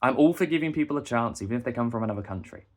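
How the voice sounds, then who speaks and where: A man's voice: medium pitch, lively intonation, very fast, a little mellow. A young man, delivering a heated, indignant rant straight to the camera. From England. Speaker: busker and vlogger. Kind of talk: ranting monologue to camera.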